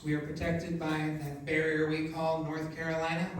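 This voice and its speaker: Middle-aged male stand-up, rambling and loud in bursts, high voice, recorded from a distance. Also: completely flat delivery, normal speed. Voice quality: voice often taken for a woman's on the phone. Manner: rambling, filler-heavy delivery with sudden loud outbursts. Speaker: stand-up comedian. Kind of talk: stand-up set. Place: comedy club stage. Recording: echoey club, distant mic, noisy.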